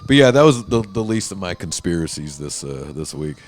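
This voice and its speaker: A man with a fairly low voice, hosting a loose podcast chat. He tells animated stories and belts out the quoted lines. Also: brisk. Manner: animated storyteller, acts out quotes loudly. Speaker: podcast host. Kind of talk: casual profane chat.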